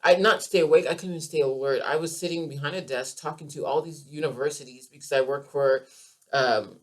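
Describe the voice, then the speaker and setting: Passionate, emphatic woman podcast host. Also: low voice. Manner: emphatic, animated, repeats phrases for emphasis. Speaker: podcast host and keto coach. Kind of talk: passionate health monologue.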